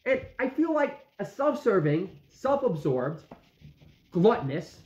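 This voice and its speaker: This vlogger dad, in his forties, mocks himself and his food in a rambling comic rant packed with fillers. His high, slightly mellow voice is very animated yet slow, captured in an echoey room with dull lo-fi audio.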